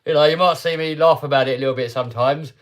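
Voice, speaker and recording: A man with a somewhat high speaking voice hosts a casual live stream. He talks to his viewers in an upbeat, chatty way, often restarting his sentences as he goes. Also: quick pace. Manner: chatty and upbeat, with frequent self-interruptions. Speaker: host of a hobby channel livestream.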